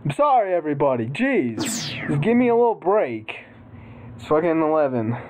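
A woman's voice: low-pitched, big pitch swings, moderate pace, background noise. A woman giving casual let's-play commentary, swearing, laughing and rambling playfully. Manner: profane, giggly, rambling and playful. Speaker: gaming commentator. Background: game music.

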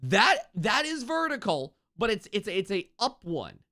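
A man streaming a video game live, thinking out loud and repeating himself, with sudden excited outbursts. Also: high voice, a little slow. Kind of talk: live gameplay commentary.

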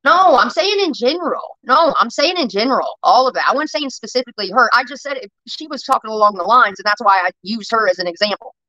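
A woman's voice: fairly high pitch, expressive, fast talker, hardly any pauses, bright, forceful tone, highs cut off. A woman hosting a casual livestream, blunt and heavily profane as she reacts to chat comments. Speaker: livestream host.

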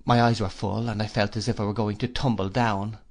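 Reading a classic novel aloud, this male audiobook narrator is measured and expressive. His voice sits on the low side and has a creaky quality.

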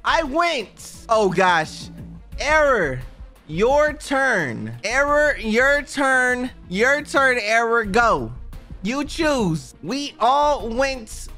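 A man giving casual, excitable gaming commentary, repeating himself and talking straight to viewers. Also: very high voice, extremely slow, faint music behind. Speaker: gaming YouTuber.

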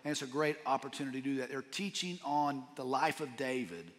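A man's voice: medium pitch, steady tone, brisk, fairly bright tone. A man with a Texan accent preaching a sermon as pastor, casual and storytelling, dropping "man" and "dude" as he talks. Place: church sanctuary. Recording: reverberant church hall.

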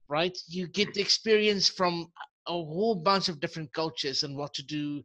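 Bright-voiced male interview host. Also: high voice, steady tone, moderate pace. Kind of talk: conversational interview.

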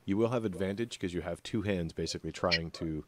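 A man running a tabletop game as game master, narrating in a relaxed way with many filler uhs. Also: low-pitched, fairly quick, heavy background noise.

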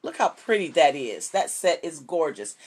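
A woman's voice: low voice, big pitch swings, moderate pace, darkish tone, slightly rough. A middle-aged woman, hosting a casual live jewelry sale and greeting viewers by name in a bubbly, chatty way. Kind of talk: casual live-stream selling.

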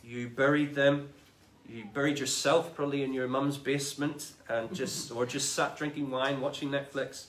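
A man preaching a sermon in a conversational, animated way, retelling scripture in everyday speech. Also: medium pitch, moderate pace, hardly any pauses, echoey room. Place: church.

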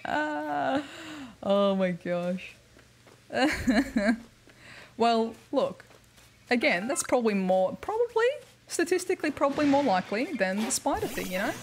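A woman's voice: on the high side, lively intonation, takes it slowly, pauses often. Chatty Australian woman streaming a game. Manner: chatty, laughs often, tells stories animatedly. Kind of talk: casual livestream chat while gaming.

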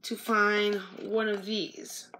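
Bright-voiced young woman unboxing toys. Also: mid-range voice, monotone, slow. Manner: chatty, muttering to herself while handling toys. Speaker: toy unboxing vlogger. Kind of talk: casual unboxing chat. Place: indoors at a relative's house.

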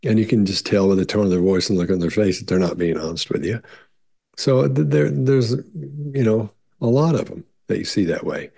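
A man's voice: normal speed, gravelly, mellow, husky. A middle-aged man, a behavior analyst, answering viewer questions in a casual, rambling way with frequent restarts. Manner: rambling, repeats words, many restarts and fillers; acts out quoted voices in higher pitch. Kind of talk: casual explanatory talk.

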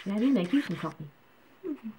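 A woman's voice: mid-range voice, lively intonation, fairly quick, dark tone, a little hiss or hum. A woman from North Carolina, chatting casually to the camera in a home vlog and complaining as she goes. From North Carolina, USA. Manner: chatty, complaining, scolds her pet. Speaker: vlogger.

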